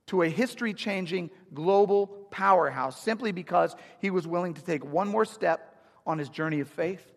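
A man in his thirties preaching a sermon to a congregation, energetic and humorous, talking to them in a conversational way. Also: fairly high pitch, vocal fry. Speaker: pastor. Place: church sanctuary. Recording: long reverb of a large hall.

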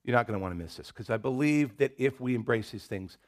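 A pastor with a Southern American accent preaching a casual sermon, chuckling often and acting out little quotes. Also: male voice, medium pitch, expressive, fast. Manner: conversational, laughs often, restarts and acts out quotes.

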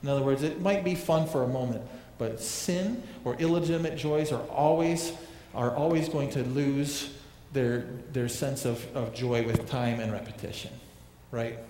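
A man's voice: mid-range voice, normal speed, hardly any pauses, mellow, a little hiss or hum. A male pastor preaching a sermon, emphatic, repeating phrases and asking rhetorical questions. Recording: echoey hall reverb, faint ambience.

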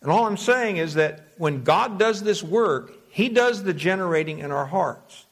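Slow, deliberate preacher man, higher voice. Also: expressive. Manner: measured teaching, slows to dwell on key words; reads scripture aloud in King James wording. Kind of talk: expository sermon.

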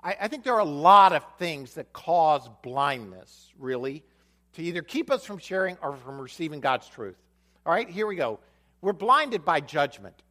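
Lively storytelling male preacher. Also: fairly high pitch, normal speed. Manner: storytelling, acts out the dialogue of a Bible story; repeats phrases for emphasis. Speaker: pastor. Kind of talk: sermon.

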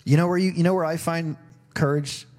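A man's voice: fairly high pitch, steady tone, brisk, darkish tone, soft background music. A middle-aged man preaching a sermon in a folksy, conversational way, often restarting his sentences. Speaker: pastor.

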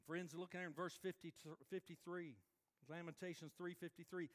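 High-voiced, animated male preacher. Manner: animated, playful, quick swings between loud and soft. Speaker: pastor. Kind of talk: sermon.

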